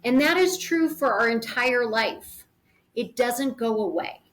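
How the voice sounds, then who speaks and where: A woman's voice: fairly high pitch, expressive, a little slow, a bit bright, a little hiss or hum. A woman guest in an interview, speaking in an earnest, thoughtful way and explaining her ideas through vivid imagery. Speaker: podcast guest on grief. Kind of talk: reflective conversational interview.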